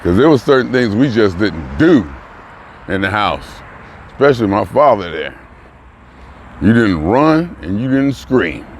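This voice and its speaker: A man's voice: fairly low pitch, sing-song, a little slow, long pauses. An older man vlogging in a casual, musing way, trailing off mid-thought as he reflects aloud. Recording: noisy outdoor traffic. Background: passing cars and street ambience.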